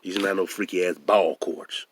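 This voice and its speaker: A man with a hoarse voice, talking emphatically and repeating himself in a casual vlog monologue. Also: deep voice, steady tone, moderate pace, dry recording. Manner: emphatic and repetitive, often restarting phrases. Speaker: vlogger.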